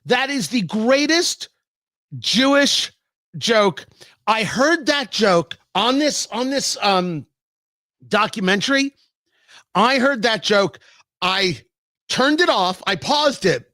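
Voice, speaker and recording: A man's voice: high voice, lively intonation, slow, long pauses, sharp tone, no echo. A male talk show host giving a rambling, sarcastic political commentary monologue, full of restarts and tangents. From United States.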